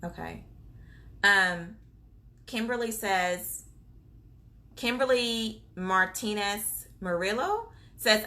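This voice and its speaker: Bright-voiced woman coaching on a live stream. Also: mid-range voice, lively intonation, slow pace, pauses often. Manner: chatty and encouraging, many fillers, reads viewer comments aloud. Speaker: childcare business coach hosting a live Q&A.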